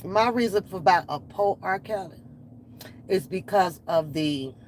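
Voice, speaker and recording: A woman's voice: on the low side, unhurried, a little mellow, poor audio. A woman hosting a reaction channel, ranting in blunt, profane, exasperated commentary. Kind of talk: unscripted commentary rant. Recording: faint background noise.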